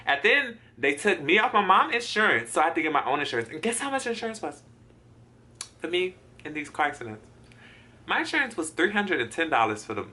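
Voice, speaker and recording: A man's voice: fairly high pitch, big pitch swings, fast, bright, forceful tone. A man in his twenties vlogging a storytime, acting out his own reactions and swearing freely. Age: 20s. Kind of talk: storytime vlog.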